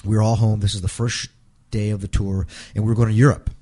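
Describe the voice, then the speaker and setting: Low dark-voiced guy rambling through a story in an interview, keeps restarting. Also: flat delivery, fast. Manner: rambling, repeats and restarts, quotes others in his own voice. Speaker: interview guest.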